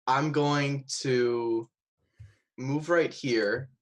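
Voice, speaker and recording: A man playing a tabletop game, excited and scheming, thinking aloud about his next move. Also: medium pitch, drawn-out words. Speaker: player. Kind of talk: casual tabletop play.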